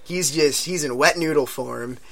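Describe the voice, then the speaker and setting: With a fairly high, gravelly voice, a young man unhurriedly recounts a wild night out to his friends. He swears, laughs often, and animatedly acts out what everyone said.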